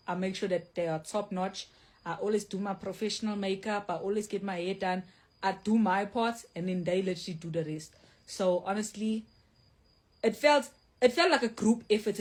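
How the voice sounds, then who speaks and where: A woman's voice: mid-range voice, darkish tone. Blunt young woman chatting on a livestream. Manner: blunt, self-described mean, says like often. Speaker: livestream host reading viewer comments. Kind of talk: casual live chat.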